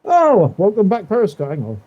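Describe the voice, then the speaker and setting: A man's voice: sits high, huge pitch swings, brisk, warm tone, lo-fi sound. A man joining a casual live stream as a panelist, making dry quips. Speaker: guest panelist.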